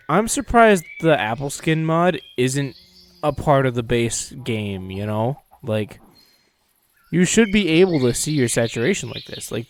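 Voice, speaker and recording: A man's voice: medium pitch, slight background noise. A man hosting a game let's-play, chatting to himself and to viewers in a casual, musing way, humming now and then as he plays. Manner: chatty, talks to himself, muses out loud, hums as he plays. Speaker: gaming channel host.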